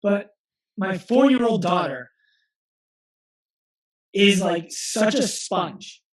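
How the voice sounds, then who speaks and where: A man in his thirties, a guest in an interview, talking earnestly and telling stories with quick restarts. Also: high voice, animated, roomy sound, low-quality recording. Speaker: guest, physical therapist and coach. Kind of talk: conversational interview.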